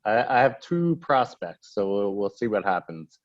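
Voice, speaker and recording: A man's voice: fairly low pitch, very animated, unhurried, no room sound, lo-fi sound. A man chef speaking candidly on a panel over a video call, with some restarts. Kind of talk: conference panel interview.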